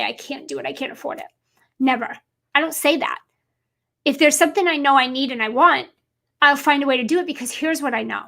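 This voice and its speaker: A woman with a high, bright voice and a gravelly edge gives a motivational talk straight to camera. She speaks as a business coach, emphatic and repetitive, driving her points home and calling her viewers guys.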